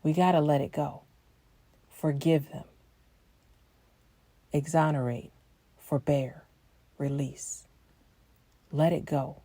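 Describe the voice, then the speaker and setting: Low-voiced woman giving a faith talk. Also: steady tone, takes it slowly, long pauses, mellow, no echo. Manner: earnest, emphatic, conversational. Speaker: podcast host. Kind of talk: faith-based motivational talk.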